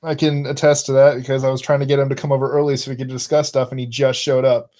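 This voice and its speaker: A man's voice: medium pitch, flat delivery, quick pace, dark tone. A man co-hosting a casual live stream, chatting with his partner and reading out viewer messages. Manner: chatty, reads out viewer super chats.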